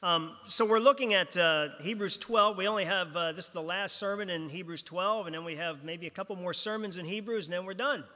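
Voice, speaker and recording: Man, pastor, informal sermon, bright tone, pulpit mic, long church reverb. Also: sits high, fairly quick, hardly any pauses. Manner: conversational, informal preaching.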